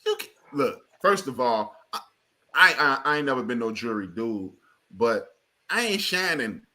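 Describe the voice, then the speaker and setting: Podcast guest, male, sharp and bright tone, lively pitch, emphatic and argumentative. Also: normal speed. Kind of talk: casual chat.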